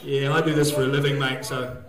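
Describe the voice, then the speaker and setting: A man's voice: medium pitch, level tone, fairly quick, fairly bright tone. A man doing a rambling, crude stand-up set, laughing at his own jokes in front of a live crowd. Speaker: stand-up comedian. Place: comedy gig venue, live audience. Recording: echoey live venue.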